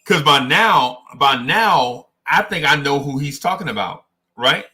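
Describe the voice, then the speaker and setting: A man hosting a podcast, chatting casually about sports in an animated, digressive storytelling way. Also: fairly high pitch, a little slow. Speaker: podcast host.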